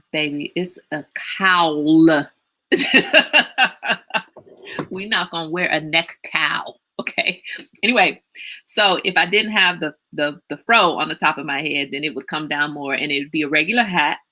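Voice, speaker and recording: A woman's voice: lowish voice, bright, forceful tone. A woman hosting a casual livestream, chatting and telling stories with lots of animation and laughter. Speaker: livestream host. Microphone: webcam or phone on a live stream.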